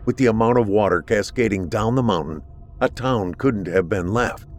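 Deep-voiced man narrating a horror tale. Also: normal speed.

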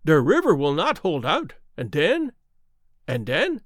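A man voicing a stubborn middle-aged Scandinavian sailor with thick accented English who grumbles slowly about his boat. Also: on the high side, huge pitch swings, no room sound, clean studio sound, full character voice. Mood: dismayed. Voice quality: thick Scandinavian-flavored English, "der" and "tank".

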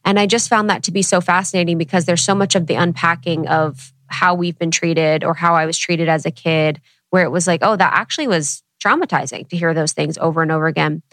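A woman hosting a podcast, speaking reflectively with a lowish voice. The sound is dry and close, with no room echo. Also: steady tone, fairly quick, few pauses, fairly bright tone. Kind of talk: podcast conversation.

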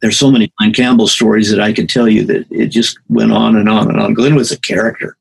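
A man's voice: on the low side, little pitch movement, a little fast, gravelly, slightly rough, poor audio. A man in his eighties, a veteran musician, telling long anecdotes in a conversational interview, with plenty of fillers and restarts. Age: 80s. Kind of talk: storytelling in a conversation.

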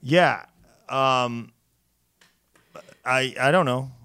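A man's voice: mid-range voice, extremely slow, sharp tone, clean tone, no echo, studio quality. A man co-hosting a podcast in casual chat, rambling and teasing. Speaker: podcast co-host.

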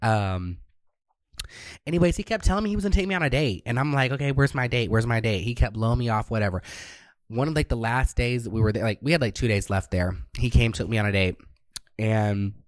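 A man's voice: mid-range voice, a little fast, dry recording. A man co-hosting a podcast, telling a long personal story in casual chat. He swears freely and acts out what other people said. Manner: profane, animated storyteller who acts out quotes. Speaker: podcast co-host.

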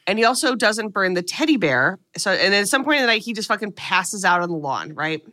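A woman's voice: mid-range voice, expressive, brisk, sharp tone. A woman co-hosting a podcast, recapping a movie in casual chat and swearing freely as she tells the story.

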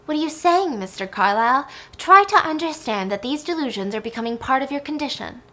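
A woman's voice: high-pitched, animated, a little fast, pushed and bright, pitched above the performer's own voice. A woman voicing a cold, condescending female psychiatrist who taunts and belittles. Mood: coolly clinical. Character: cold, mocking female psychiatrist, middle-aged.

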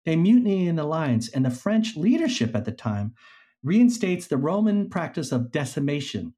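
A man's voice: fairly high pitch, normal speed. A man as a podcast guest, telling a historical story casually and acting out the people he quotes. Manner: animated storyteller, acts out quoted figures.

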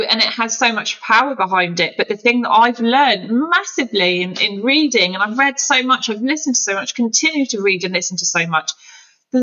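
A woman speaks as a podcast guest, earnest and candid as she talks through her own experience. Her voice has a bright, forward edge. The audio is muffled and lo-fi, as from a remote call. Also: a little high. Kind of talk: candid conversational storytelling.

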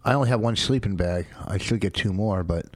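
A man in casual chat who rambles with halting fillers and casual swearing, earnest and defensive. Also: on the low side, no echo.

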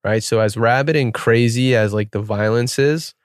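A man's voice: mid-range voice, normal speed, clear, resonant tone, dry recording, clean studio sound. A man co-hosting a podcast, chatting casually about a film and acting out scenes as he retells them. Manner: animated storyteller, acts out scenes. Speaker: podcast co-host. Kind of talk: casual film-discussion chat.

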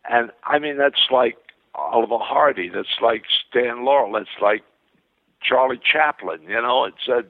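Gravelly older man on a phone line. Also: mid-range voice, a little slow, no room sound. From Queens, New York. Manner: rambling, enthusiastic anecdotes with many restarts. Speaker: guest. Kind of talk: phone interview storytelling. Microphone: telephone.

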